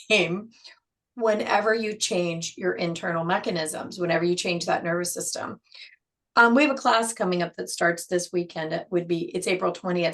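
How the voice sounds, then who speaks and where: A woman guest on an interview show, explaining her program in a measured way and slowing down to stress key words. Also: fairly low pitch.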